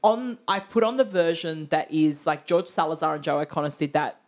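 Female co-host, casual and chatty, low-pitched with an animated delivery. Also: brisk. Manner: chatty, many fillers and restarts. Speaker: podcast co-host. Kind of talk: casual chat about musicals.

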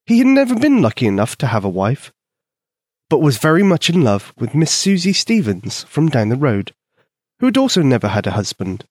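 A man gently narrating a bedtime story for young children in an expressive storytelling manner. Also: medium pitch, moderate pace, no room sound, studio quality.

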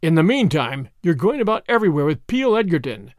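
A man's voice: a little high, very animated, fairly quick, no room sound, studio quality. A man voicing a bitter, anxious male conspirator with a reproachful manner in an audiobook. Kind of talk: audiobook character voice.

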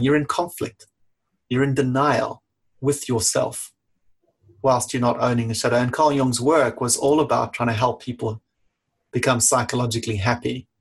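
A middle-aged man talks in a plain, husky, slightly breathy voice at a middle pitch. He speaks frankly and casually, swearing without fuss. He slips into quick acted-out exchanges as he coaches. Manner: blunt and frank, swears freely, acts out quoted exchanges. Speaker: leadership coach. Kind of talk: casual talk to camera.

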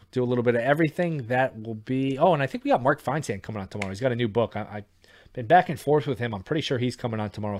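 A man hosting a sports podcast, upbeat and friendly as he asks quick questions and signs off. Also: medium pitch. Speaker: podcast host. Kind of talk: podcast interview, casual chat.

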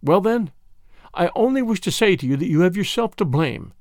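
A man voicing a weary woman in mourning who speaks quietly and reproachfully. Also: high-pitched, lively intonation, normal speed, no echo, studio quality. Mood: earnest reproach.

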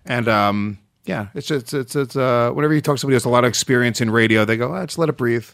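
A man's voice: mid-range voice, quick pace, fairly bright tone, clean tone, dry recording, clean studio sound. A man who is a comedian co-hosting a podcast, chatting loosely and teasing with swearing. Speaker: comedian co-host. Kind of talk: casual chat.

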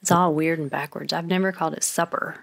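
A woman's voice: low voice, fairly even intonation, fast, gravelly. A woman with a mild Southern US accent, co-hosting a frank podcast chat and laughing often. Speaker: podcast co-host. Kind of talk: casual chat.

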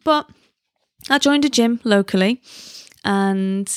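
A woman's voice: mid-range voice, takes it slowly, dry recording, clean studio sound. A woman in her thirties hosting a podcast, chatting casually and rambling into giddy tangents. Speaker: podcast host. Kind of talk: casual chat.

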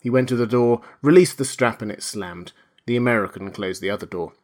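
A man reads a classic novel aloud as an audiobook. His delivery is measured and expressive, with a mid-range voice. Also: mid-range voice. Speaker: reader. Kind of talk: audiobook narration.

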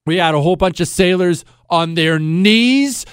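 A man in his forties hosting a call-in radio talk show, emphatic and animated, dropping from loud to low. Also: moderate pace, clean tone, dry recording, clean studio sound.

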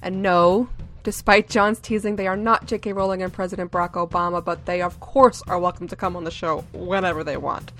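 A woman's voice: fairly low pitch, steady tone, brisk, fairly bright tone. A chatty woman co-hosting a fan podcast in a casual, giggly way. She has a mid-range voice, with faint music underneath. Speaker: podcast co-host. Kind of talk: casual podcast chat and announcements.

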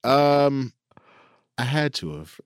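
A man's voice: medium pitch, takes it slowly, no room sound, clean studio sound. A man co-hosting a casual podcast, telling stories with lots of laughter and swearing. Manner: animated, laughing storyteller who swears a lot. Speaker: podcast co-host. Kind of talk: casual chat, storytelling.

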